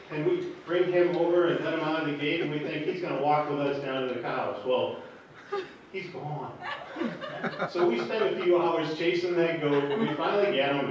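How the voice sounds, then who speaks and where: Storyteller, male, 40s, slightly raised pitch, halting and nervous delivery, far from the mic in an echoey hall with noise. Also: lo-fi sound. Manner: halting, nervous and chuckling between lines. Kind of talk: live personal storytelling on stage. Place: hall with a live audience. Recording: echoey room, distant mic, background noise.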